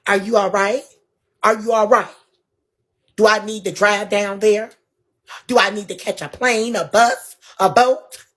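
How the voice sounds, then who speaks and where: A woman acting out a hot-tempered young woman who yells and wails in shrill outbursts. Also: fairly even intonation, unhurried, long pauses. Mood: fussing.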